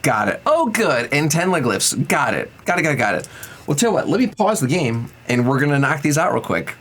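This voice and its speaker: A man's voice: a little high, very animated, a little fast, fairly bright tone, low-quality recording. A young man streaming live, chatting playfully with viewers and counting out workout reps. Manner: playful, joking with chat, counting out exercise reps. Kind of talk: casual live-stream chat.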